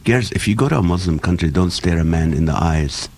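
A low-pitched man from the Middle East, a comedian, talks through his story as an interview guest. He slips into jokes and punchlines often and laughs along as he goes. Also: brisk. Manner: joke-telling, lively, laughs often.

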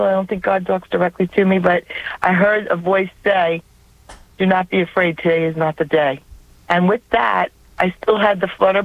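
Phoning a call-in radio show from Long Island, New York, this woman shares a heartfelt story of her own in a New York accent. She speaks in a mid-range voice over a thin-sounding telephone connection, with no echo.

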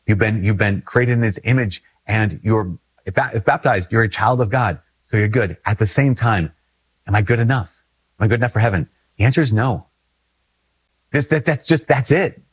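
A man's voice: fairly low pitch, breathy edge, dry recording. A man from Minnesota, a priest, giving a conversational homily with earnest emphasis and repeated phrases.

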